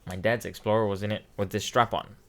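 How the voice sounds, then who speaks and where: A man's voice: lowish voice, steady tone, quick pace. A man in his twenties, a vlogger, telling a personal story in a rambling, emotional way with many restarts, choked up and near tears. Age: 20s. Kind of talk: casual storytelling.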